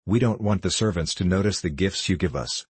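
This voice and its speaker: Man doing grumpy old sand fairy, storybook, gruff offhand mutter, very low, husky. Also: a little fast, dry recording. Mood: grumbling.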